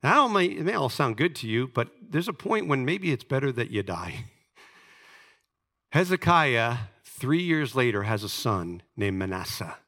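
A male preacher telling a Bible story in a sermon, dramatic, swinging between loud emphasis and hushed asides. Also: medium pitch, sing-song, unhurried.

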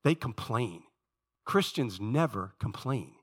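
A middle-aged man preaching a sermon, telling the story with lively energy and dropping low and quiet when he prays. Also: takes it slowly. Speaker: pastor.

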